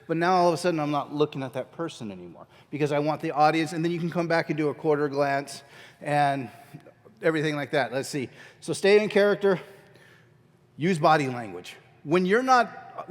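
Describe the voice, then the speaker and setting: A man with a slightly high voice gives a relaxed, joking drama lesson to a group. His sentences break off and restart as he coaches. Long reverb from a big hall trails behind his words. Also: brisk. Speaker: drama teacher. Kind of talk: casual workshop instruction. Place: church hall.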